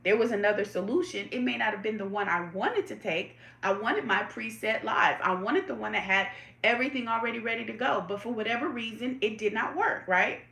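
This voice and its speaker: A woman's voice: fairly high pitch, brisk, gravelly, a bit bright. A woman hosting a live tarot stream, asking her viewers reflective questions and greeting them by name. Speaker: tarot reader hosting a livestream. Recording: roomy echo.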